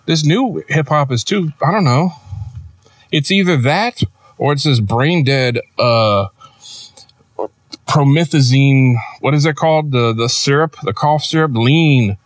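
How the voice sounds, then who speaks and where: A man hosting a comedic podcast in a rambling, deadpan, sardonic monologue, recorded near a road. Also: medium pitch, a little slow, no echo. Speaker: podcast host. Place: outdoors near a road with passing trucks.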